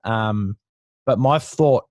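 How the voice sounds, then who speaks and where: A man's voice: lowish voice, drawn-out words, darkish tone, no room sound. An Australian man in his thirties, a podcast guest, telling stories from his past in a blunt, profane, casual way with frequent laughs. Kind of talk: casual storytelling interview.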